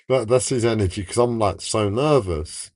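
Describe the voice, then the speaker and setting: A man with a fairly low voice tells a personal story on a livestream. He rambles, cuts himself off and starts over, and his feelings come through. The sound is dry and close, with no room echo. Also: a little slow, a little mellow. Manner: emotional, rambling, self-interrupting. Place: home, livestream.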